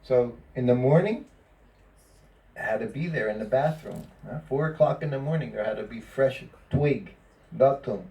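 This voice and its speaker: A man's voice: medium pitch, moderate pace. A man casually telling anecdotes to a small group, laughing often and acting out what others said. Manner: laughs often, quotes others in lively asides. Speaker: former personal servant recalling memories. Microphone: phone or camera from a distance. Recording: distant phone recording.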